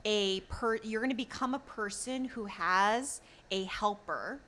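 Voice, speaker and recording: A woman co-hosting a podcast, recapping a drama in casual chat, animated with many fillers and laughs. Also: mid-range voice, a little slow. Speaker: podcast co-host.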